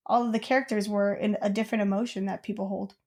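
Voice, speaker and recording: A woman's voice: mid-range voice, steady tone, fast talker, darkish tone. A young woman co-hosting a podcast, telling a childhood story in casual chat, rambling with lots of "like.". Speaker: podcast co-host.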